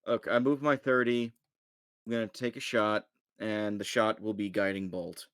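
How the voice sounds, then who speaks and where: A man's voice: fairly low pitch, steady tone, normal speed, fairly bright tone, smooth, dry recording, studio quality. A man playing in a tabletop role-playing game, talking hesitantly with many fillers. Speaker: player. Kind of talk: casual play over voice chat.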